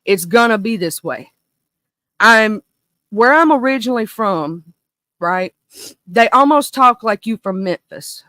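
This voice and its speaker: A woman in her thirties with a Mississippi Southern accent, hosting a casual livestream chat in a goofy, animated, rambling way. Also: fairly high pitch, unhurried, long pauses, no echo. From small town in northern Mississippi, USA. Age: 30s. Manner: goofy, animated, talkative, goes off on tangents. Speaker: livestream host.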